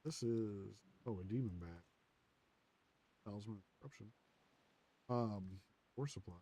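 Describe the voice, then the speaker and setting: A man's voice: fairly low pitch, a little slow, warm tone, breathy edge. A man streaming a game from his home computer on a headset, rambling casually and swearing freely. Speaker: gaming streamer. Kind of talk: casual chat while playing a game.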